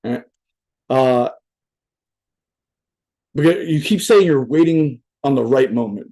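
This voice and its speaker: A man's voice: medium pitch, slow, pauses often, mellow. A young adult man giving a casual motivational talk at a virtual event, rambling and swearing, with lots of "right?" asides. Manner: rambling, profane, filler-heavy with many "right?" asides. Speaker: motivational speaker. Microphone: virtual event talk mic.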